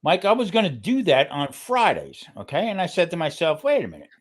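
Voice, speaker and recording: Casual male guest, lively swinging pitch, rambling and halting, keeps adding "okay?". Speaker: guest keto cooking channel creator. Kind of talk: casual podcast chat.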